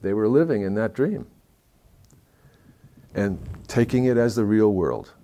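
Low-voiced man telling a story. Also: measured pace. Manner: hushed and somber, then lively and excited when retelling. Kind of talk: spoken storytelling talk.

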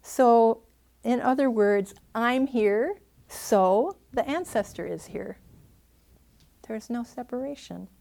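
Woman giving a relaxed dharma talk, thinks out loud, chuckles a lot. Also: a little high, slow, gravelly. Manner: thoughtful, hedging, laughs easily. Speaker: meditation teacher.

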